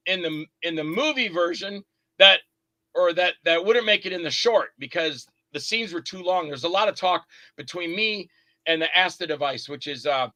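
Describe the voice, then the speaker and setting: A man with a high, very bright, forceful voice, guesting on an interview and spinning lively anecdotes. He acts out every person in his stories and curses freely. His voice sounds close and dry, with no room echo. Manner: animated, acts out the other people in his stories; swears freely. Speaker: guest, indie horror actor and filmmaker. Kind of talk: casual interview storytelling.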